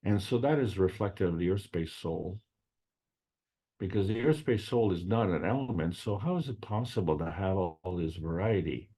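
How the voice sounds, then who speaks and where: Man, very low voice, dark tone, rambling meeting talk, halting with fillers. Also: animated, slightly rough. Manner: slow, rambling, with frequent fillers and restarts. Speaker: meeting presenter. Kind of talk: unscripted spiritual science talk.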